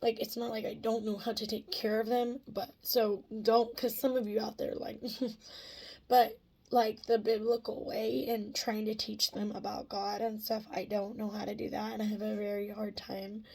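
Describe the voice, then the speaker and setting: A woman's voice: mid-range voice, flat delivery, moderate pace, a little mellow, husky. Emotional rambling woman vlogger. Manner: emotional, rambling, frequent fillers. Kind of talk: casual catch-up vlog.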